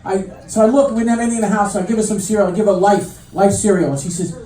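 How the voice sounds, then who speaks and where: A middle-aged man doing a stand-up comedy set, telling deadpan stories full of fillers and restarts. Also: high-pitched, rapid-fire. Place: comedy club stage with live audience. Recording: echoey club mic heard from a distance. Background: audience laughter and room noise.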